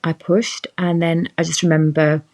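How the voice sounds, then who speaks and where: A woman's voice: low-pitched, flat delivery, moderate pace, darkish tone. A young woman in casual chat as a podcast guest, telling a personal story and acting out the voices of the people in it. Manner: chatty storytelling, acts out quoted voices.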